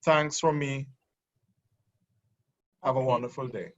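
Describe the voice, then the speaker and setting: A man's voice: medium pitch, fairly even intonation, slow pace, fairly bright tone. A man hosting a webinar segment over a video call, speaking hesitantly with many fillers and restarts. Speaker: segment host. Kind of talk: webinar moderation. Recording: muffled video call audio.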